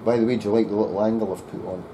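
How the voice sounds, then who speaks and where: Guy muttering through a bass setup, lowish voice, aircon humming behind. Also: steady tone, very fast, background noise. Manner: muttering to himself while working. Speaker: luthier. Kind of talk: workshop commentary. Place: workshop.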